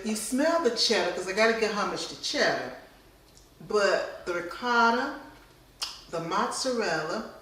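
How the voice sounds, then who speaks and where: A woman's voice: medium pitch, fairly bright tone, far from the mic, slight background noise. A woman hosting a cooking show, tasting her dish on camera. She hums over each bite and keeps slipping into a whisper. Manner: drifts into whispering, savoring hums. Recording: echoey room, voice away from mic.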